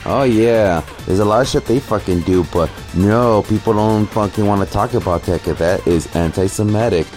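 A man's voice: on the low side, normal speed, darkish tone, faint music behind. Crude, sneering male commentary host. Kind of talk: profane commentary over clips.

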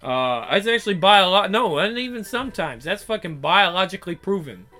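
A young man with a high, forceful, bright voice tells stories casually and profanely at a moderate pace, his pitch swinging widely. As he goes, he acts out the other people's lines himself, while soft music plays faintly in the background.

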